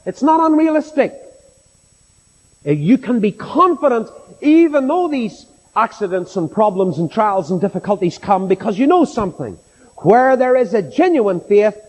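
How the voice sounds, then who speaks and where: A middle-aged man with a Northern Irish accent preaching a sermon in a church, impassioned and rhetorical, mimicking his doubters. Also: high-pitched. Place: church with a long reverb. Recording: reverberant church hall.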